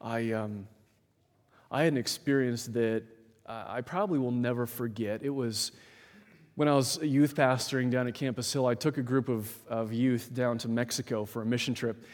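Man, pastor, sermon, emphatic pauses, medium pitch, long hall reverb. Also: fairly even intonation. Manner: measured, emphatic, with dramatic pauses and quoted voices.

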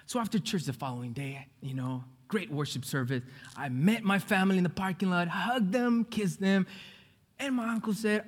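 A male preacher from California delivering a sermon as an animated storyteller who acts out the voices of the people in his story. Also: high voice, normal speed, big-room sound.

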